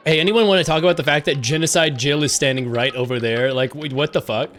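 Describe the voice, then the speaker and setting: A young man streaming a game live, reacting to chat with loud, profane disbelief. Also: fairly high pitch, quick pace, faint music behind. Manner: animated, incredulous and profane, talking straight to chat. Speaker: Twitch streamer. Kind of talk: live gameplay commentary.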